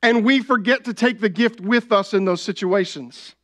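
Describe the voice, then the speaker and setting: A man's voice: high-pitched, normal speed, fairly bright tone. A young adult man preaching a sermon as pastor, talking conversationally and often asking the congregation "right?".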